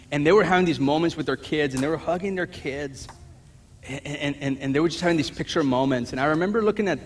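Male pastor, high voice, animated sermon delivery with acted-out character voices and quiet asides. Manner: animated preaching, acting out voices of people in the story; drops to a low, quiet voice for asides.

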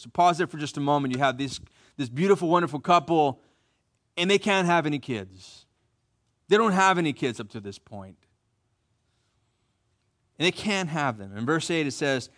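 A man preaching a sermon as pastor, reading scripture slowly and softly, then speaking up for lively asides. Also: on the high side.

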